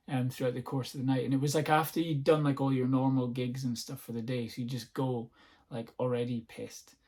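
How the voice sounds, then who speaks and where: A man's voice: medium pitch, a little mellow. Scottish man, young adult, comedy podcast host, rambling, swearing, laughing. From north-east Scotland. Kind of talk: casual solo podcast monologue. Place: at home on a sofa-bed seat.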